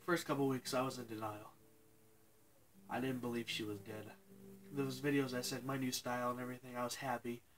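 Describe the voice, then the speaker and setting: A young man telling a painful personal story to his viewers, halting and tearful, pausing and restarting as he cries. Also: medium pitch, flat delivery, a bit bright, low-quality recording. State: crying. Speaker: vlogger. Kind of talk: emotional personal story to camera.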